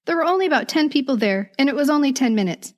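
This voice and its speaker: A woman in her fifties with a higher, bright voice co-hosts a relaxed podcast chat. She laughs easily and lingers warmly over the old letters she reads aloud. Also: fast. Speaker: podcast co-host.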